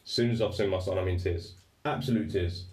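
A man's voice: sits low, brisk, a little mellow. Candid English man in an echoey room. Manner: candid, emotional, swears freely. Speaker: storyteller. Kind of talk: personal storytelling. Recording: roomy echo, distant from mic.

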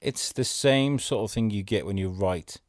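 A man with a fairly low voice hosts a casual podcast conversation. He rambles and reflects as he tells his stories. The sound is close and dry, with no room around it. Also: normal speed, dry recording. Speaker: podcast host. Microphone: studio podcast microphone.

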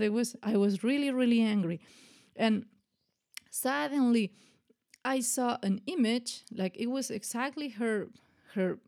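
A woman's voice: mid-range voice, mellow. A woman telling a personal story in conversation, earnest and emotional, with many fillers and restarts.

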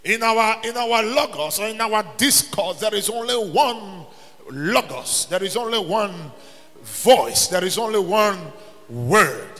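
A man preaching a sermon as pastor, building into shouts and sung phrases. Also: high-pitched, animated, slow. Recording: long reverb with faint music.

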